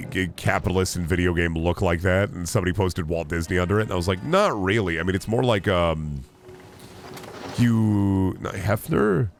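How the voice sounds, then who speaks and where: A man's voice: sits low, slight background noise. A man streaming a video game, rambling and joking with lots of fillers. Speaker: gaming streamer. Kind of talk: casual live-stream commentary.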